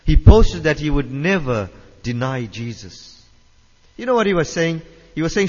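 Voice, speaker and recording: A slightly high, husky male voice delivers a sermon at normal speed, very animated and emphatic, repeating phrases and posing questions to his listeners. The sound is a dull reverberant hall.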